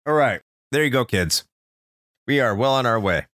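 A man's voice: mid-range voice, fairly bright tone, dry recording, studio quality. A man co-hosting a casual podcast chat, ranting sarcastically and swearing often. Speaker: podcast co-host.

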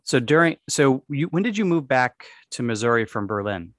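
A man's voice: medium pitch, sing-song, moderate pace, a bit bright, no echo, studio quality. A man hosting an interview, asking long wandering questions full of you know and sort of. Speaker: podcast host. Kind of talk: casual conversational interview.

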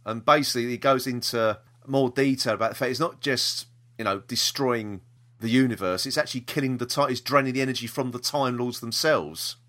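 A man's voice: medium pitch, fairly quick, pushed and bright. A man co-hosting a podcast, talking casually with fillers and laughs. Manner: chatty, lots of fillers and laughs. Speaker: podcast co-host. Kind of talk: casual chat.

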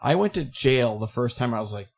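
A man's voice: medium pitch, expressive, a little fast, creaky. A man co-hosting a podcast, telling long rambling stories in crude, profane casual chat. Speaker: podcast co-host.

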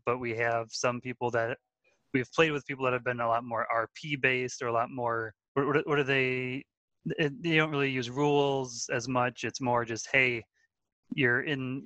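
Man with bright, stammering delivery. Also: medium pitch, no echo. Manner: stammering restarts, repeats words. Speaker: podcast co-host and tabletop player. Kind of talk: casual podcast chat.

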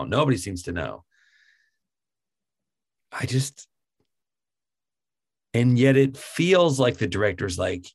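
A man with a low, gravelly voice talks through a film in easygoing chat. He keeps breaking into incredulous, exasperated questions about what he saw. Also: unhurried, pauses often. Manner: animated, exasperated, incredulous outbursts. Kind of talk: casual film review chat.

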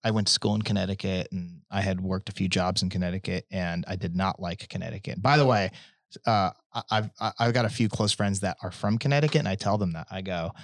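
A man's voice: deep voice, quick pace, dry recording, clean studio sound. A young man talking casually as a podcast guest, rambling with restarts and frequent laughs. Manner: rambling, self-interrupting, laughs often. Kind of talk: casual chat.

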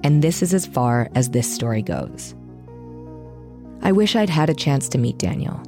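A wry true-crime podcaster. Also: female voice, extremely low pitch, big pitch swings, music in the background. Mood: steady. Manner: measured, wry and reflective. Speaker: podcast host and narrator. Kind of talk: scripted narration.

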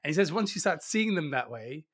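A man giving candid advice as an interview guest, lively and laughing, often acting out the doubting voices he quotes. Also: on the high side, a little fast, slightly rough, no room sound, studio quality. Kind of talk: casual interview conversation.

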